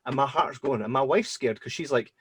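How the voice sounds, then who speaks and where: A man hosting a podcast, telling personal stories in a casual, animated way and acting out his own reactions. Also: medium pitch, a little fast, breathy edge, dry recording. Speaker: podcast host. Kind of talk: casual storytelling chat.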